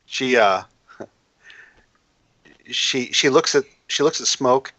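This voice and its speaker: A man's voice: mid-range voice, slow pace, sharp tone, dry recording. A man narrating as game master of a tabletop game, in a casual style full of fillers.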